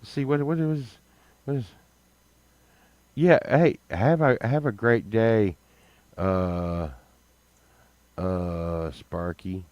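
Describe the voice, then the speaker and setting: An older man with a drawl, commenting on things with loud disbelief and casual cursing. He takes his time, and his voice stays smooth and full. The sound is dry and close, with no room around it. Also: lowish voice, very slow, long pauses, no room sound, muffled recording. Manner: exclaiming loudly, swearing, jumping between shouts and mutters. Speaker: host.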